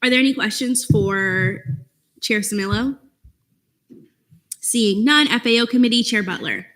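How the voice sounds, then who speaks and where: Young woman, bright and clear voice, slightly high, brisk procedural tone. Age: young adult. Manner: brisk, procedural, calls on speakers. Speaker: meeting presiding officer. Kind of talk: chairing a student meeting.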